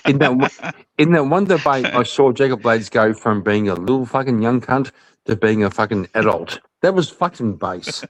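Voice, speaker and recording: A man in rough, profane casual chat who keeps ranting in mock anger at the others. His voice swings widely up and down as he talks, sitting at a middle pitch. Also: animated, moderate pace. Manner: loud, profane, mock-angry banter.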